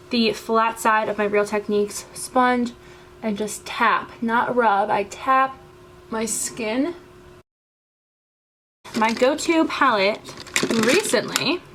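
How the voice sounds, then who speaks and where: A woman's voice: on the high side, fairly bright tone, a little hiss or hum. Chatty young woman explaining makeup steps. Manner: chatty, step-by-step, with frequent "like". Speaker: beauty vlogger. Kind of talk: makeup tutorial voice-over.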